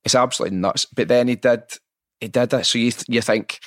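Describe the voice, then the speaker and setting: A man hosting a casual interview, telling stories in an animated, sweary way. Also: medium pitch, a little fast, no room sound, studio quality. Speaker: podcast host.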